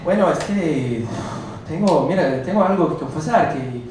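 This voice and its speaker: A man's voice: a little high, animated, normal speed, a little mellow, slight background noise, lightly acted. A man in his thirties voicing his brash Spanish-speaking alter ego, a swaggering stand-up persona, in a roomy club heard from far off with a crowd. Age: 30s. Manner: bold, swaggering stand-up delivery. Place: comedy club stage.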